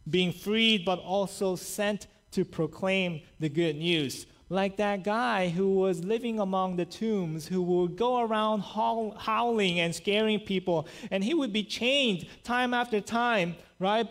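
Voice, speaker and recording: A male pastor preaching a sermon and retelling scripture stories in a lively, conversational way. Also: high-pitched, measured pace, few pauses. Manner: animated storytelling, paraphrasing scripture conversationally.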